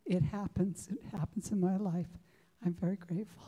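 A woman's voice: lowish voice, fairly even intonation, normal speed, warm tone. A middle-aged woman giving a heartfelt testimony of thanks in church, quoting scripture. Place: church sanctuary. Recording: long church hall reverb.

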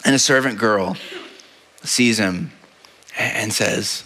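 A male pastor delivers a sermon in a loose, conversational storytelling manner, checking in with the congregation through rhetorical questions. His bright voice carries through a church sanctuary with a long, lingering reverb. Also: lowish voice, slow. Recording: long reverb of a large hall.

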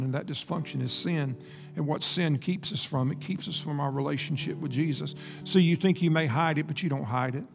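An earnest male pastor delivers a sermon, measured and full of pauses. His voice sits slightly high, with a gravelly rasp. It rings through a reverberant sanctuary over soft guitar. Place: church sanctuary. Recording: reverberant hall with faint guitar.

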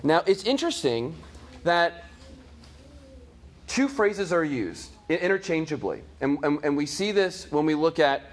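A man's voice: on the high side, lively intonation, measured pace. A man teaching a catechism class, talking casually to his students with many fillers, restarts and "right?" check-ins. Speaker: Bible teacher.

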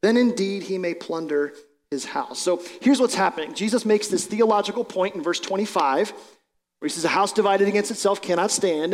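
A man's voice: high-pitched, big-room sound. A man preaching a sermon as a pastor, explaining scripture in a conversational way with casual asides.

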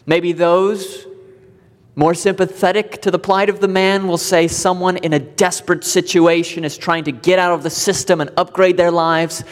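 A man preaching a sermon to his church, emphatic and deliberate, repeating key words for weight. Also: high-pitched, little pitch movement, long reverb tail. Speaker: pastor. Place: church sanctuary.

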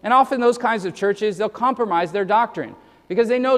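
Male pastor, high voice, earnest and emphatic sermon delivery, stumbling restarts, heard with a lingering hall echo. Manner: earnest, emphatic preaching with quick verse citations; repeats words when starting sentences.

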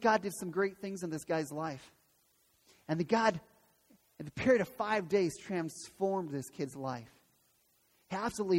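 A man pastor preaching a sermon in a church, earnest and emphatic, repeating phrases for weight. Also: sits high. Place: church sanctuary. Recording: long hall reverb.

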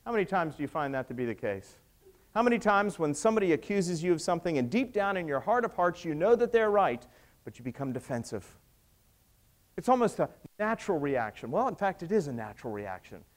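A man preaching a sermon, retelling stories dramatically and swinging between hushed and raised delivery. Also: a little high, very animated, fairly quick.

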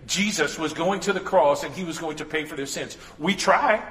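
A man's voice: a little high, normal speed, few pauses, a bit bright. Man preaching in an echoey hall. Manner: conversational preaching with asides and restarts. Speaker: pastor. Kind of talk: sermon. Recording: echoey hall with long reverb.

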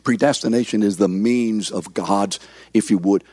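Man preaching, kinda low voice, slows way down on big words, asks the room questions, dry sound. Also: darkish tone, no echo. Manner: teaching, quizzes the listeners; slows to stress key words. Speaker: pastor. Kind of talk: sermon.

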